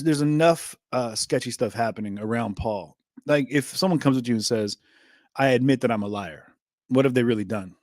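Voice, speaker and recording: A man's voice: mid-range voice, dry recording, studio quality. A man hosting a live stream, musing casually about a trial and answering viewers in the chat, with lots of ums and restarts. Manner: rambling, filler-heavy, reads chat aloud. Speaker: livestream host.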